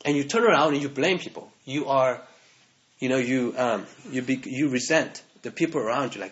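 A man's voice: mid-range voice, lively intonation, a little fast. A man preaching a sermon as pastor, talking conversationally and often checking in with "right?". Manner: conversational, keeps asking "right?". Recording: dull lo-fi sound.

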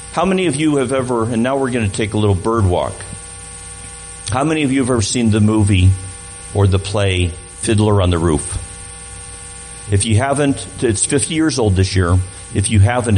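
A guest speaker at a church talks conversationally to the congregation, often restarting his sentences and repeating words in the process. His fairly low voice is a little mellow, and the audio is poor.

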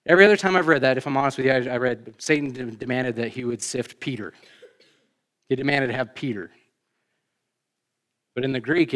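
A man preaching a sermon as pastor, talking in a conversational way with joking asides to the congregation, rising for emphasis and then dropping low.

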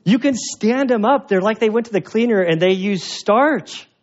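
A man's voice: high voice, moderate pace, muffled recording. A man, a pastor, preaching a verse-by-verse sermon in a conversational, emphatic way with self-deprecating humor. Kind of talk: expository sermon.

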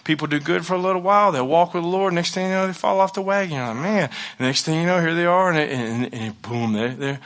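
A male pastor delivers a passionate sermon, swinging between loud declarations and quiet asides and repeating his phrases. His voice sits on the high side, and he speaks quickly with few pauses.

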